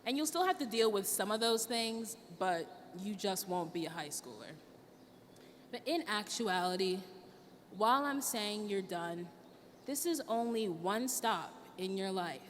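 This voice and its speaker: A young woman student giving a heartfelt graduation speech to her class. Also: medium pitch. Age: young adult. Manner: earnest, heartfelt, emotional. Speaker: student speaker. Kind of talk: commencement speech. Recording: distant mic, long hall reverb, faint noise.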